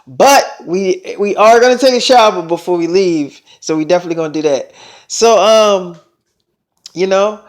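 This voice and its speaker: A man casually retelling a story in slangy speech, quoting others with "she was like" and filling pauses with "so, um". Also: sits high. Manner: loose, rambling delivery with filler "so, um". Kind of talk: casual first-person storytelling.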